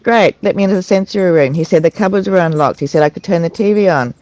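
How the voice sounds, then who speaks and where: Adult at a recovery meeting, halting candid talk, restarts and fillers, dry close sound, dull lo-fi call audio. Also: medium pitch, a little mellow, no echo. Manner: laughs while recounting. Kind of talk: candid personal sharing. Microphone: online video call.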